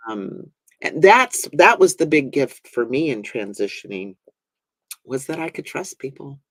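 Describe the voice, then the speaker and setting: A man with a mid-pitched voice talks earnestly to his guest and to viewers. The sound is dry and close, with no room echo. He reflects aloud and now and then jumps up in pitch to act out a quote. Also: very animated, unhurried, fairly bright tone. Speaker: minister and talk show host. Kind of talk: reflective conversational talk.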